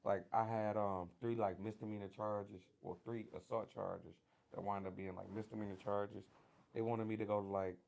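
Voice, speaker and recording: Gravelly Detroit man telling his story. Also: fairly low pitch, normal speed. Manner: animated, acts out quoted voices, slangy. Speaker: guest sharing his prison story. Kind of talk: casual storytelling interview.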